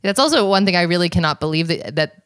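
A woman hosting a podcast, asking questions with eager interest. Her voice sits on the low side. The recording sounds dry and close, with no room echo. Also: lively intonation, fast talker, fairly bright tone. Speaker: podcast host. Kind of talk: casual interview.

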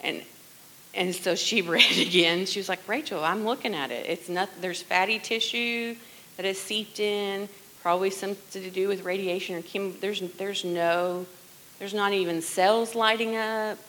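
A middle-aged woman sharing a personal testimony in church, earnest and conversational, often dropping to a hushed voice. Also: mid-range voice, normal speed, a little hiss or hum, poor audio. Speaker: worship leader sharing testimony.

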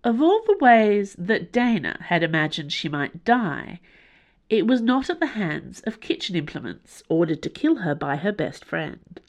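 A woman with a fairly low voice hosts her own podcast and reads a novel serial aloud. Her narration is measured and expressive. She records in a small room with a closed door. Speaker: podcast host and reader.

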